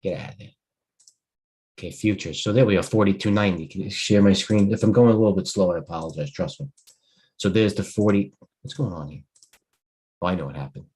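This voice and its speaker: A man's voice: sits low, quick pace, dark tone, husky. A middle-aged man hosting a live trading stream, a little tired and rambling as he thinks aloud and interrupts himself. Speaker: stock trading host.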